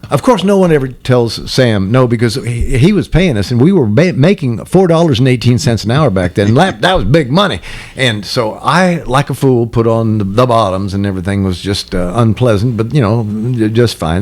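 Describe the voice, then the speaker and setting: A middle-aged man, a radio host, telling a story in casual chat and slipping into voices when he quotes people. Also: mid-range voice. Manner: animated, puts on voices when quoting.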